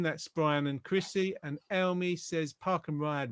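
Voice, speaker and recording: Man, host, teasing and chatty, slightly high voice, dry recording. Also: fairly even intonation, moderate pace, hardly any pauses, fairly bright tone, clear, resonant tone, no room sound. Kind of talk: casual online show chat.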